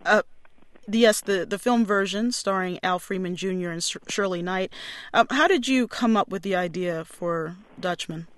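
A man's voice: sits high, normal speed, fairly bright tone, dry recording, clean studio sound. A man interviewing a guest on the radio, reading scripted introductions and asking direct questions.

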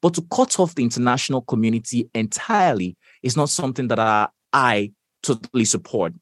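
Emphatic Nigerian man, lively dry voice. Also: medium pitch, no room sound. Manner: measured, emphatic, stresses key phrases. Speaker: voiceover artist guest. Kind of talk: interview answers.

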